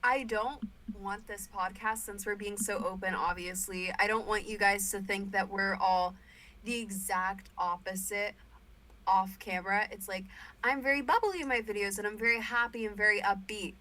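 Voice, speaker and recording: A woman chatting as a guest on a casual podcast, animated and emphatic. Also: mid-range voice, normal speed.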